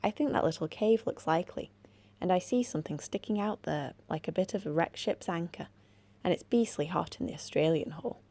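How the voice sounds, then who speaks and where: A woman's voice: lowish voice, brisk, warm tone. A woman doing a cocky, know-it-all boy. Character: bold, boastful boy.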